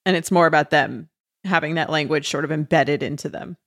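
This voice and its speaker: A woman co-hosting a casual talk show, easygoing and quick to agree. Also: deep voice, no room sound, studio quality. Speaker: podcast co-host. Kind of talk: casual chat.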